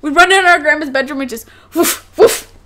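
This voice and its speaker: A young woman co-hosting a podcast, telling a story in a casual, animated way, laughing and swearing freely. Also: high-pitched, brisk. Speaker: podcast co-host.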